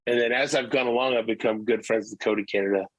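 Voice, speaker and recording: A man's voice: medium pitch, steady tone, fast, no echo, low-quality recording. A middle-aged male musician telling stories in a casual interview, rambling with many restarts. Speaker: musician guest.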